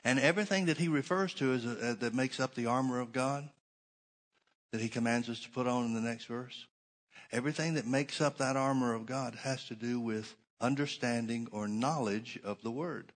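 A middle-aged man preaching a sermon in an ordinary mid-range voice. He drives his points home by slowing down and repeating phrases. His delivery rises and falls as he teaches from scripture. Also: mid-range voice. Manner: preaching with shifting emphasis, slows to stress points. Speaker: pastor.

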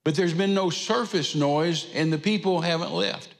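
A man's voice: a little high, moderate pace, vocal fry, big-room sound. A man, preaching an informal, rambling sermon in a church and repeating phrases for emphasis. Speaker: traveling preacher. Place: church sanctuary.

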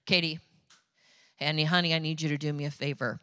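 A woman doing the voice of an older male pastor who is calm, firm and demanding, speaking in few words. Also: smooth, no echo, studio quality, big-room sound. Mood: requesting. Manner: slow, low, few words.

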